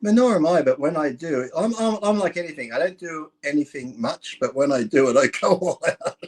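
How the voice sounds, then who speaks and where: A man's voice: on the high side, animated, a little fast. A man chatting as a guest, telling crude stories and laughing through them. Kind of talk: crude casual chat with storytelling.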